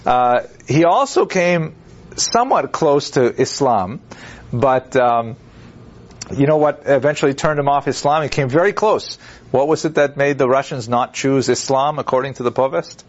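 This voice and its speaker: A man's voice: mid-range voice, normal speed, highs cut off. A man giving a university lecture in a loose, conversational way, with many fillers and restarts and wry, acted-out asides. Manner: acts out quoted figures with wry humor.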